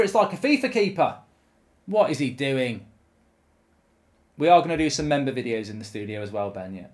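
A man's voice: mid-range voice, animated, normal speed, pauses often. A man hosting his own channel, giving live commentary over a football management game, full of ranting, swearing and exasperated outbursts. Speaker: gaming YouTuber host.

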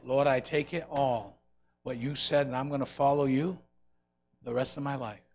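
Gravelly-voiced preacher with rising, swelling delivery. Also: male voice, medium pitch, steady tone, moderate pace, slight background noise. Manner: rousing preacher, swells loud on key lines then drops soft. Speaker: pastor. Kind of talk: sermon with closing prayer. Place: church sanctuary.

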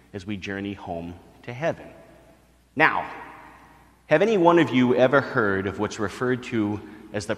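A man's voice: fairly low pitch, long reverb tail. A male priest giving a retreat sermon, telling stories and asking his listeners questions. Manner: storytelling, talks to the crowd with questions.

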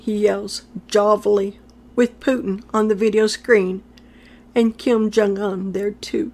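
A woman's voice: medium pitch, little pitch movement, slow pace, darkish tone. A woman delivering a prophetic message in a solemn, declamatory way, repeating phrases for emphasis. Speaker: prophetic speaker.

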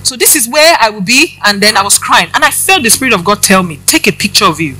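A woman's voice: on the high side, expressive, quick pace, sharp tone, soft background music, rough recording. A woman preaching, giving a personal testimony and addressing the congregation directly with questions.

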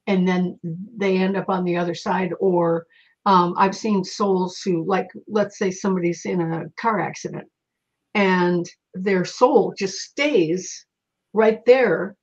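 A woman guest speaking as a psychic, telling lively stories in casual conversation and acting out the voices in them. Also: fairly low pitch. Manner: animated, quotes voices in her stories. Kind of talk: conversational storytelling. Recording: muffled lo-fi audio.

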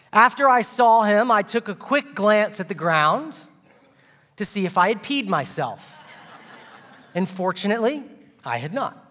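A man's voice: high voice, sharp tone, long reverb tail. A man preaching a sermon as a guest speaker, telling a funny story with playful asides and comic timing.

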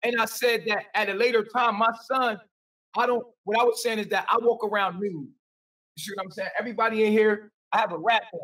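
A man's voice: high-pitched, steady tone, fairly quick, pushed and bright, far from the mic, poor audio. A man answering questions on a call, rambling and repeating himself defensively. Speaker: interview guest.

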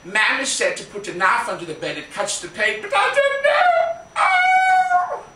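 A man's voice: extremely high pitch, animated, measured pace, heavy background noise. A man doing a stand-up impression of a frantic young maid from an old film, squealing and panicky, on a small theatre stage. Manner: squealing, panicky, breaks into shrieks. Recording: roomy stage sound from far off.

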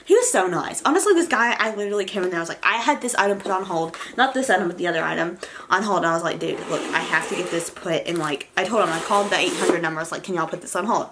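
A woman's voice: lowish voice, racing, background noise. Gushing young woman rattling through a haul. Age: young adult. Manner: gushing, excited, rambling with many likes and fillers. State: college freshman. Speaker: beauty vlogger. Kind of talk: casual haul vlog.

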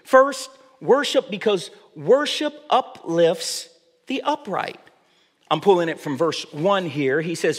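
High-voiced man preaching in church reverb. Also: lively intonation, measured pace, fairly bright tone. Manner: preaching with repeated restarts. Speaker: pastor. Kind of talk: sermon. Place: church sanctuary.

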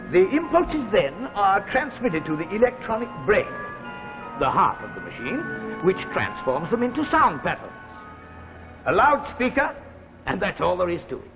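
An actor playing a genial, chuckling retired old professor with failing eyesight, in a live 1950s TV drama. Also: male voice, fairly high pitch. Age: older. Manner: chuckling, theatrical, musing. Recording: dull 1950s TV audio in a reverberant set.

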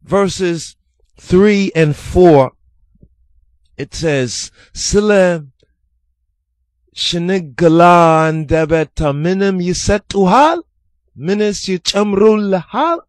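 A man teaching a psalm line by line, speaking deliberately, repeating words as he searches, and mixing Amharic and Hebrew terms into English. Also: high-pitched, no room sound. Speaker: Bible teacher. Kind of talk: scripture study teaching.

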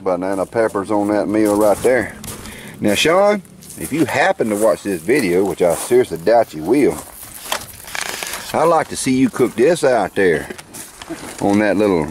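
A man's voice: lowish voice, very animated, a little slow, pauses often, a little mellow, a little hiss or hum. A man, filming a campout and presenting the food to camera in a folksy, joking way. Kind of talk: casual show-and-tell narration to camera. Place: outdoor campsite.

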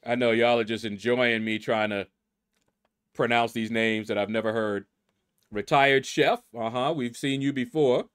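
A man's voice: medium pitch, steady tone, measured pace, smooth. A middle-aged man hosting a gaming channel, casually reading out leaderboard names and musing aloud as he stumbles over them.

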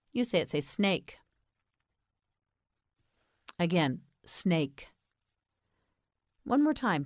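An American woman teaching English pronunciation in a slow, scripted lesson, patiently repeating each word and encouraging the learner. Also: low voice, dry recording, studio quality.

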